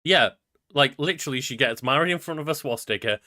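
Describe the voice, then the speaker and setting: A man's voice: mid-range voice, fairly quick, sharp tone. A young man co-hosting a casual podcast, chatty, running through the show plugs. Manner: chatty, reads promo plugs in a customer-service cadence. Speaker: podcast co-host.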